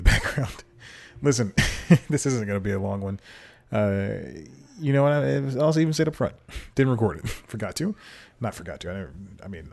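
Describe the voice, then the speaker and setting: A man's voice: fairly low pitch, gravelly, darkish tone, slightly rough. A man hosting his own podcast in a casual, rambling monologue, self-deprecating and laughing often, talking into a desk microphone at home. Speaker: podcast host. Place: home room with TV playing.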